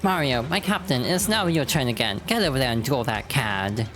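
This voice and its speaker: A woman's voice: a bass voice, lively intonation, fairly quick. A woman voicing a flamboyant, vain male sailor with a raised, showy and wheedling delivery over game music.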